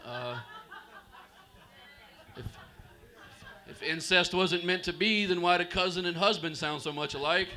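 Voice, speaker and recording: High, bright-voiced Southern comic. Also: male voice, a little slow, long pauses. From Mississippi, US South. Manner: profane, deadpan, teasing the crowd. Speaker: stand-up comic. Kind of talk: open-mic stand-up set. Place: small club stage.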